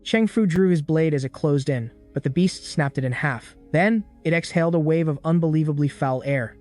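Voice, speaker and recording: A man narrating a story recap in a brisk, dramatic scripted style. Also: fairly high pitch, a little mellow. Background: faint background music.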